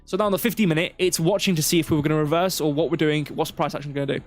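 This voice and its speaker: A man's voice: fairly high pitch, steady tone, very fast, soft background music. A man hosting a live crypto stream, walking through charts step by step with rambling, self-deprecating asides. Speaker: crypto livestream host.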